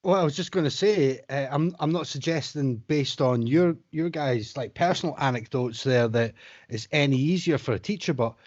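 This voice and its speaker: A man's voice: mid-range voice, normal speed. Man, casual podcast talk, sweary, slightly dull lo-fi sound. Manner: frank, swears freely, builds points with rhetorical questions. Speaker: podcast co-host, college lecturer.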